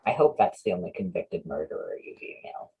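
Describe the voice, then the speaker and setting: A man's voice: low voice, wildly swooping pitch, fast, gravelly, a little mellow, a little hiss or hum, low-quality recording. A man hosting a podcast, asking the guests casual questions and joking. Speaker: podcast host.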